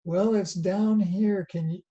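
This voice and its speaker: Slow folksy Southern man lecturing. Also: sits high, steady tone, dark tone, lo-fi sound. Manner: folksy, drawn-out, chatty explaining with rhetorical questions. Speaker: college teacher. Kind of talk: online lecture. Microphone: video call.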